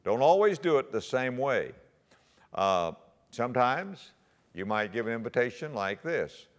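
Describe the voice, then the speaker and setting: Lively-voiced preacher in a reverberant hall. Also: male voice, deep voice. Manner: earnest, exhorting, rises to emphatic peaks. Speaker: pastor. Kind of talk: teaching sermon.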